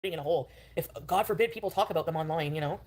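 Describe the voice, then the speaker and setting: A woman talks casually on a livestream and rambles defensively through lots of fillers. Her voice sits a little low, and she speaks quickly. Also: a little mellow.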